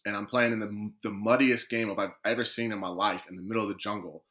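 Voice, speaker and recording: Male podcast guest with a bright, forceful voice, animated storyteller who acts out what people said. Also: lowish voice, fast. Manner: lively storyteller, acts out quoted conversations. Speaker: guest, professional footballer.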